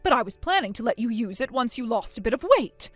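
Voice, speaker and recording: A woman's voice: fairly high pitch, lively intonation, fast talker, dry recording. A woman voicing a stern, scolding middle-aged mother in a text-message drama, speaking in a cold, commanding way. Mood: scornful. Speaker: voice actor.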